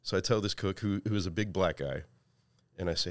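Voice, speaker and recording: A man's voice: sits low, fairly quick, dry recording. A man on a podcast, telling a funny story in casual chat and laughing along as he goes. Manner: laughs through his own stories. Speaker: podcast guest.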